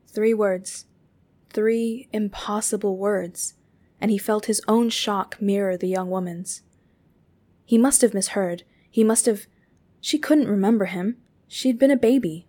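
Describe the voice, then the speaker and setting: A woman narrating a work of fiction aloud in a steady, expressive reading voice. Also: medium pitch.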